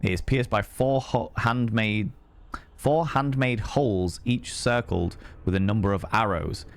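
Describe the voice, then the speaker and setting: A man's voice: lowish voice, measured pace. A man streaming a horror game, reading notes aloud, swearing and thanking viewers. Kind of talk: casual live gameplay commentary.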